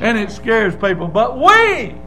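Fiery high-voiced preacher. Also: male voice, huge pitch swings, moderate pace, a little hiss or hum, low-quality recording. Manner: hollering, swings from low asides to loud shouts. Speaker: Baptist preacher. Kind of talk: fiery sermon. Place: church.

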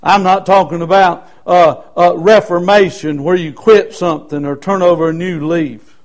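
A man's voice: high voice, fairly even intonation, moderate pace. A middle-aged man preaching a Baptist sermon with emphatic repetition. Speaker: Baptist pastor.

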